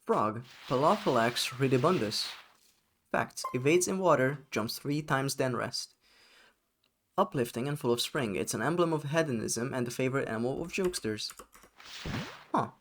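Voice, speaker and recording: A man casually commenting on his gameplay as a streamer, relaxed, chatty and playful. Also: medium pitch, normal speed, slight background noise.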